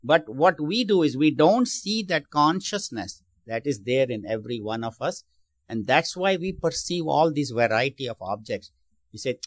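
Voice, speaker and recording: A man's voice: on the high side, animated, moderate pace, no room sound. A man teaching a spiritual lesson in a sermon style, explaining patiently, asking his listeners questions, and often restarting his phrases. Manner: explanatory, asks the audience questions.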